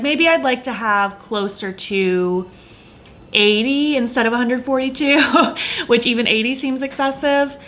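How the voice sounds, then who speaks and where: Bubbly, slightly high-voiced woman vlogger. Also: fairly bright tone. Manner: bubbly, enthusiastic, upbeat. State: voice tired from hours of filming. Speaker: beauty vlogger. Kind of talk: casual chatty vlog.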